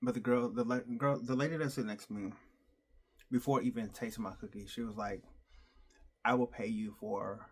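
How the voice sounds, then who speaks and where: A man talks straight to the camera in a relaxed personal vlog, his voice sitting at an ordinary middle pitch. He tells his story earnestly and stumbles along, filling gaps with ums and restarting his sentences. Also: husky. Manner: halting, many fillers and restarts. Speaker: vlogger.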